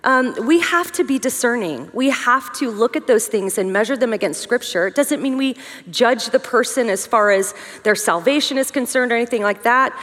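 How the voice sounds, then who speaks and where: Middle-aged woman speaker, chatty and joking, slightly high voice, reverberant large hall. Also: normal speed, few pauses. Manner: conversational, joking asides, lively emphasis. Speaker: women's conference speaker. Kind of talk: humorous teaching talk.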